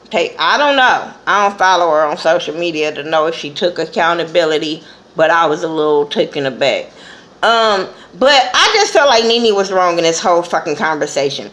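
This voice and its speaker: A woman's voice: on the low side, fairly bright tone. A woman reviewing a TV episode in a casual vlog, talking bluntly with lots of swearing. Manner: blunt and profane, acts out quotes.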